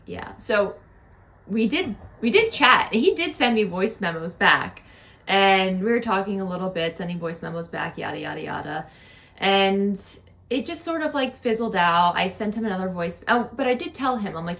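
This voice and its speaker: Chatty woman with a gravelly edge. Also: mid-range voice, fairly bright tone, slight background noise. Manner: chatty, rambling, lots of fillers, drops to whispers. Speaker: podcast host. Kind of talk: casual storytelling monologue.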